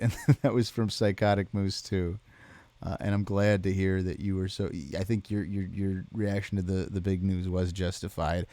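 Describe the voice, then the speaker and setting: Tired streamer guy reading chat, low voice, deadpan, super dry close sound. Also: dry recording. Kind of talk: casual chat.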